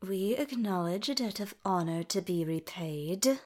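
A woman voicing a cold, imperious male elf king who speaks in a quiet, clipped way in a storybook reading. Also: mid-range voice, normal speed, lightly acted.

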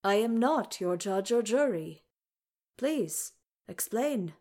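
A woman's voice: lowish voice, normal speed, lightly acted. A woman reading the part of a blunt, stubborn male dwarf who speaks directly. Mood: patient. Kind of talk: audiobook character reading.

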